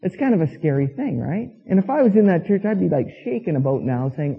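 Husky pastor preaching in a tinny hall. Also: male voice, high voice, big pitch swings, fairly quick, few pauses. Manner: storytelling with quoted voices, emphatic. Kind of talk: sermon. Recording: tinny phone-like sound with long reverb.

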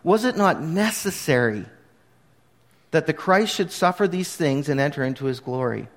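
Animated preaching man, slightly high voice. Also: moderate pace, long reverb tail. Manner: animated, swings from hushed to emphatic, reads scripture aloud. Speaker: pastor. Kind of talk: sermon.

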